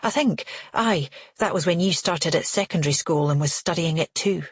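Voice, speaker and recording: A woman's voice: lowish voice, moderate pace, breathy edge, dry recording, studio quality. A woman doing a bitter, sneering aunt. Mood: contemptuous. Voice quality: sneering, contemptuous. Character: disapproving older aunt, bitter and scornful.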